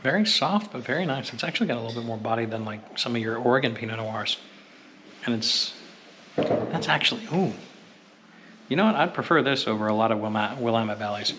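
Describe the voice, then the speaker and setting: Animated and fairly quick, a mid-range male voice narrates a travel vlog at a crowded outdoor Christmas market. He chats enthusiastically while tasting food and wine, savoring them aloud, with street noise around him.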